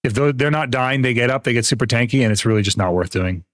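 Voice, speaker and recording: A man's voice: mid-range voice, quick pace, no room sound, clean studio sound. Chatty young man streaming a game. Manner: chatty, laughs often, explains game mechanics to chat. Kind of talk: casual gameplay commentary.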